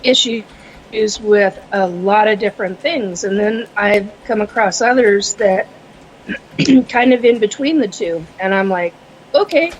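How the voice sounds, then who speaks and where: A woman's voice: mid-range voice, measured pace, lo-fi sound, slight background noise. Hesitant woman on a podcast panel. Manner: hesitant, clears throat often, many fillers. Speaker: panel guest. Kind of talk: casual podcast panel chat.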